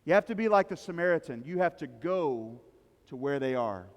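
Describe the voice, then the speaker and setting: A man's voice: fairly high pitch, lively intonation, brisk, in a large hall, muffled recording. A male pastor preaching a sermon, emphatic and repetitive, telling stories to make his points. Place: church service in a large rented hall.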